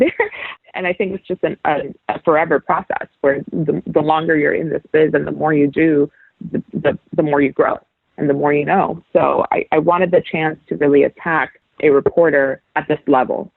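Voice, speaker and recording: A young woman from New York City talks through a guest interview in a chatty way, full of fillers and restarts. Her voice is husky with some gravelly fry. It comes through a thin, phone-like line. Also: low-pitched, no room sound. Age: young adult. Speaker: guest, sports reporter. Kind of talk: casual interview chat.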